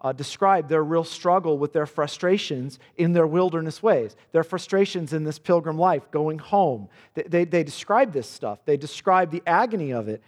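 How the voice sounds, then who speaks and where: A man's voice: fairly high pitch, moderate pace, few pauses. A man preaching a sermon, earnest and intense, repeating words as he builds each point. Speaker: pastor. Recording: long hall reverb.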